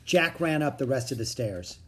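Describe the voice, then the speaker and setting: A man reading a children's chapter book aloud, with expressive, dramatic storytelling. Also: medium pitch, moderate pace, slight background noise. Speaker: narrator.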